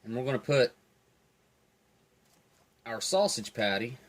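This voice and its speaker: Man, mid-pitch voice, easygoing food reviewer tasting and describing flavors with enthusiasm. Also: takes it slowly, slight background noise. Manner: relaxed, enthusiastic tasting commentary.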